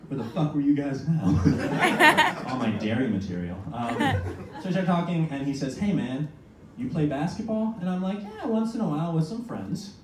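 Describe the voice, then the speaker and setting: A young man in his twenties performing a stand-up comedy set, telling self-mocking stories with quick asides. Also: a little high, huge pitch swings, crowd noise. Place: small comedy venue with audience. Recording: echoey room from a far mic, noisy.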